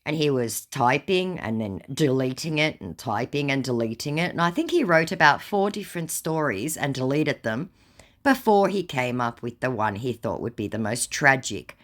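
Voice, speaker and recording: A woman's voice: rumbling low, animated, normal speed. A woman hosting a scambaiting channel, reading out a chat in a blunt, scornful way and swearing freely. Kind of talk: narrated chat readout.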